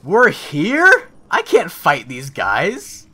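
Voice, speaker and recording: A young man giving crude, excitable commentary while playing a video game, swinging from mutters to yells. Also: fairly high pitch, drawn-out words. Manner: crude joking. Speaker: gaming YouTuber. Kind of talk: Let's Play commentary.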